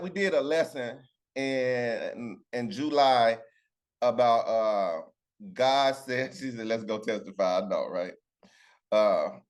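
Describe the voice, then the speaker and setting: Man, Bible study teacher on a video call, loose and chatty, pulls in his group with "right?". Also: medium pitch. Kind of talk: casual Bible lesson.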